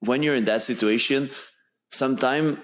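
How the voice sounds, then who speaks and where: A man hosting a podcast, talking in a relaxed, informal way and dropping "bro" into his sentences. His voice sits at an ordinary middle pitch. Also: moderate pace. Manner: warm, informal, says "bro". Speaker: podcast host. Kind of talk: casual conversation.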